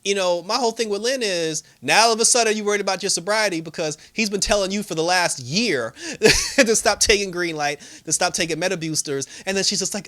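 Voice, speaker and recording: A man casually recapping a TV episode, animated, with lots of fillers and frequent laughter. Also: high-pitched, fast. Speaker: show reviewer.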